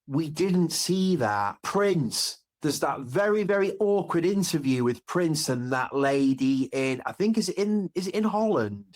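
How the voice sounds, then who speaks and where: A podcast guest chats casually, his voice slightly high and a bit slow, with few pauses. He tells anecdotes with lively energy and acts out the exchanges as he goes.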